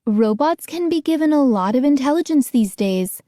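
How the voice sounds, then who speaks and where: A woman voicing a calm scientist mother in an audiobook, explaining things patiently. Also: high-pitched, normal speed, no room sound, studio quality. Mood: reassuring.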